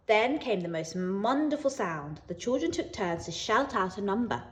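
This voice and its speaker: A woman with a British accent reading a children's picture book aloud as a teacher, expressive and lively. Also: medium pitch, normal speed, hardly any pauses. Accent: British English. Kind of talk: children's story read-aloud.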